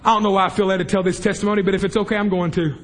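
A man's voice: high voice, little pitch movement, rapid-fire. A man preaching a fervent revival sermon in a church service, impassioned and repetitive as he calls out to the congregation.

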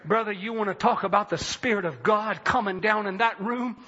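A man preaching a fervent testimony, telling his story and rising to shouted praise. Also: sits high, a little fast, muffled recording. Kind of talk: sermon testimony.

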